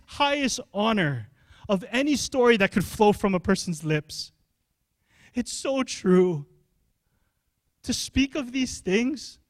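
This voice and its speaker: A young adult male pastor, preaching a sermon in an animated, conversational way and asking the congregation questions. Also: very high voice, dry recording, studio quality.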